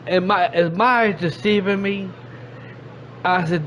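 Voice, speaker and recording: Rambling host, higher voice. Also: male voice, a bit bright, slight background noise. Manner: rambling, halting, with many restarts. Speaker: podcast host and streamer. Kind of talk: casual podcast chat. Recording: muffled lo-fi stream audio.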